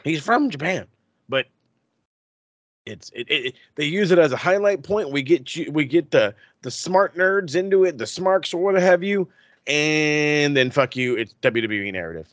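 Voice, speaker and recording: A man's voice: fairly high pitch, normal speed, no room sound. A man co-hosting a podcast, chatting casually with lots of swearing and restarts. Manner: profane, animated, lots of restarts. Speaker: podcast co-host. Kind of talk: casual chat.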